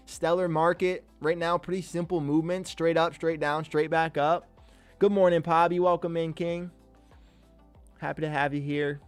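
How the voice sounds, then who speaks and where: A man's voice: a little high, level tone, moderate pace, smooth, soft background music. A man hosting a live day-trading stream, chatting casually and hyping up viewers in slangy, upbeat talk. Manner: hype, calls viewers "King", slangy and upbeat. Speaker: day-trading livestream host.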